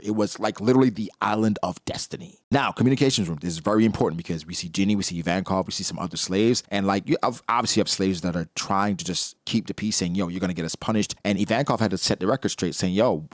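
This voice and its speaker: Animated low-voiced man with slangy chat. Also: dry recording, studio quality. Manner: animated, slangy, jumps into high-pitched character impressions. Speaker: manga reaction host. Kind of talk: casual commentary.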